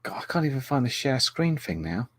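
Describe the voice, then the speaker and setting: A man co-hosting a casual podcast chat, jokey and animated when explaining. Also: medium pitch, brisk, husky, dry recording, clean studio sound. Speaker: podcast co-host.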